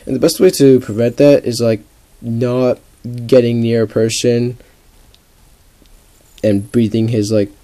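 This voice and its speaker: A man's voice: medium pitch, flat delivery, unhurried, pauses often, dark tone, close to an everyday voice. A young man voicing a bored, grumpy doctor who hesitates with lots of ums. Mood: matter-of-fact.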